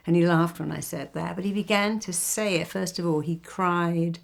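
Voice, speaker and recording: An older woman therapist giving a motivational talk. She tells stories and slows down to stress the key phrases. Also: fairly low pitch, steady tone, creaky.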